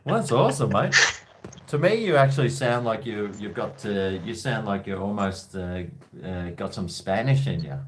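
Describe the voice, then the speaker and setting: A slightly low-voiced man hosts a loose call-in stream. He rambles along with a tipsy, easygoing flow. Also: lively intonation, moderate pace, a little hiss or hum. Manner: rambling, tipsy, laughing between shots. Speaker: host of a live-stream call-in show. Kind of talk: casual chat with callers.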